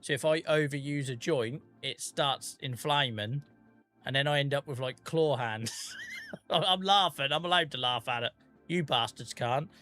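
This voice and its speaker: A man's voice: medium pitch, normal speed, bright, forceful tone, faint music behind. A British man chatting casually on a live gaming stream, joking, teasing his chat and swearing freely. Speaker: game streamer.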